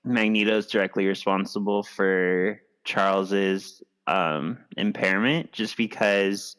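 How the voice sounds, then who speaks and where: A man's voice: on the low side, fairly even intonation, slow, fairly bright tone, clear, resonant tone, low-quality recording. A man co-hosting a movie podcast, thoughtfully discussing characters and story choices with light laughs. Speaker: podcast co-host.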